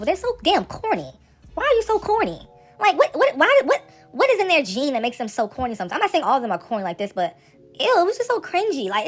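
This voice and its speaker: A woman hosting casual celebrity gossip commentary, sassy, slangy and animated. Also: high voice.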